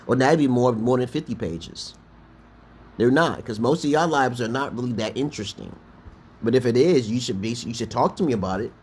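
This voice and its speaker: A man's voice: mid-range voice, fairly quick, a little mellow, breathy edge. A middle-aged man from Brooklyn with a New York accent, chatting casually on a livestream, rambling and profane, often tagging "okay?" on his lines. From Brooklyn, New York, USA. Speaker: livestream host. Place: home livestream.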